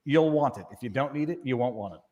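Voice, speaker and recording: A man's voice: medium pitch, lively intonation, fast talker, a little mellow, big-room sound, dull audio. A man chatting as a guest on a live stream, joking and rambling through asides. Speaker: guest YouTube lawyer. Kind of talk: casual panel chat on a live stream.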